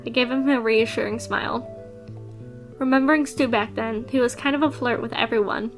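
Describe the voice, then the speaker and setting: A woman's voice: fairly high pitch, fairly even intonation, brisk, faint music behind. A young woman reading a visual novel aloud in the first person, chatty and reactive, breaking in with casual asides. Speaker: gamer playing a visual novel.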